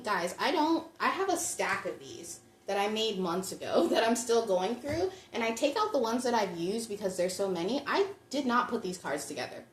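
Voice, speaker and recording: A woman's voice: medium pitch, very animated, moderate pace, hardly any pauses, reverberant, a little hiss or hum. A woman giving a chatty pick-a-card tarot reading, talking straight to her viewers. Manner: chatty, reflective, addresses viewers directly. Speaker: tarot reader.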